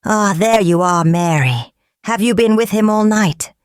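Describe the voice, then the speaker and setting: A woman's voice: mid-range voice, measured pace, clean tone, no echo, clean studio sound, voice pushed up, close to an everyday voice. A woman voicing a stern, insistent male magistrate in a storybook. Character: stern male magistrate, protective older brother.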